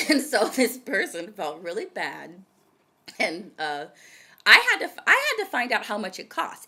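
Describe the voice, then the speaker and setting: With a husky, medium-pitched voice at a normal speed, a woman in her twenties dramatically recounts a personal story on her casual vlog. Her chatty, animated delivery addresses viewers directly.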